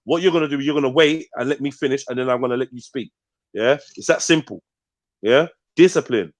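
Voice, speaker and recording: A man's voice: mid-range voice, brisk. A man hosting a live panel show, arguing confrontationally, swearing a lot and punctuating his points with "yeah?". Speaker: host. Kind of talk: heated live panel debate.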